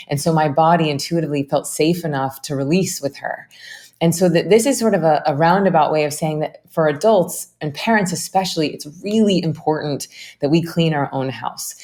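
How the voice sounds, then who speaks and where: A woman's voice: sits low, a little mellow. A woman meditation teacher, a podcast guest talking earnestly in a casual interview and acting out quoted voices as she goes.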